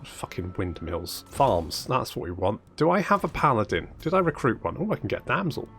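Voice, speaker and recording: A man's voice: lowish voice, big pitch swings, brisk, gravelly, fairly bright tone. A man giving casual, sarcastic let's-play commentary, thinking aloud and swearing freely. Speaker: gaming channel host.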